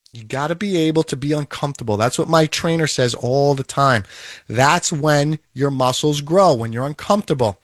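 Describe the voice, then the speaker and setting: A man's voice: a little high, no room sound, clean studio sound. A man giving an emphatic, repetitive motivational talk about toughness and handling emotions. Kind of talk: motivational monologue.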